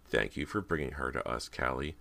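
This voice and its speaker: A man voicing a sinister older woman who speaks slowly with false warmth. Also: extremely low pitch, big pitch swings, gravelly, exaggerated voice.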